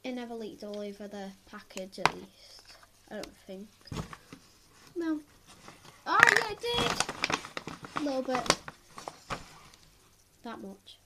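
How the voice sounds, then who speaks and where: A woman with a cold, sniffling as she reviews slime in a chatty, excitable way at home, often gasping and exclaiming. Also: medium pitch, unhurried, long pauses. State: has a head cold, sniffling. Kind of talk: casual unboxing chat. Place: at home, filming on the floor. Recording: loud background noise and clicks.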